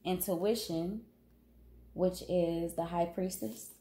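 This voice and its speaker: A woman with a cold giving a casual tarot reading, talking unhurriedly with pauses and fillers. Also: fairly low pitch, steady tone, dark tone, a little hiss or hum. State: has a cold, sniffling. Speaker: tarot reader.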